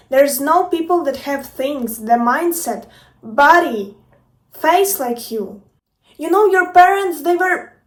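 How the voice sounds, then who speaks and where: A woman and life coach talking to her viewers in a casual motivational vlog, playful and emphatic, swearing freely. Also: sits high. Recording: echoey room, distant from mic.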